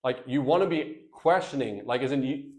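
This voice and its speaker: Brief: earnest man, marriage coach talking to camera, mid-pitched voice, plain direct delivery. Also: lively intonation, moderate pace, darkish tone. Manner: earnest, plain-spoken, addresses viewers as guys and brother.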